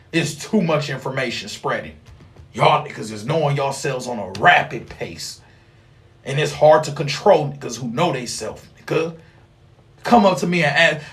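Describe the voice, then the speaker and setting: A young man delivering a rambling, profane spiritual monologue, animated, with sudden loud outbursts. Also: fairly high pitch. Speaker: spiritual vlogger.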